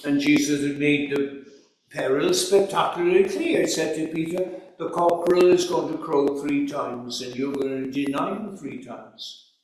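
A man's voice: fairly high pitch, normal speed, a little mellow, a little hiss or hum. A man preaching a sermon in an earnest, emphatic way, asking rhetorical questions. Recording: echoey hall recorded from far off.

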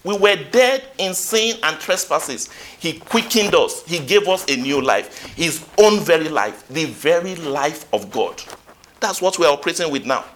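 A man preaching a sermon, asking the congregation questions and reading scripture aloud, swinging between loud emphatic peaks and quiet asides. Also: fairly high pitch, animated, moderate pace, a little hiss or hum.

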